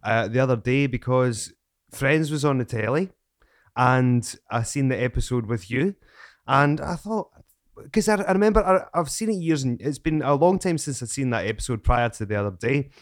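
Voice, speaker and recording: A man's voice: mid-range voice, lively intonation, normal speed, dry recording, clean studio sound. A man hosting an interview, asking rambling, self-correcting questions. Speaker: interview host. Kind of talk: casual interview.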